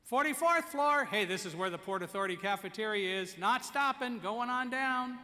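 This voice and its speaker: Bright, high stairwell caller shouting floors to the people behind him, as a speaker puts him on, echoey hall. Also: male voice, moderate pace. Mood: steady calling. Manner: loud, steady call-outs. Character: calm man calling out floors down a stairwell.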